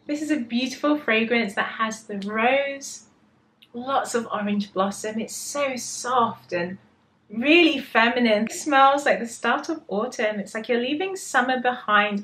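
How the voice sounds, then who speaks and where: English woman, vlog host, mid-pitched voice, enthusiastic and gushing, product review. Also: a bit bright, slight background noise. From England. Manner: enthusiastic, gushing with sensory detail. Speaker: perfume vlogger.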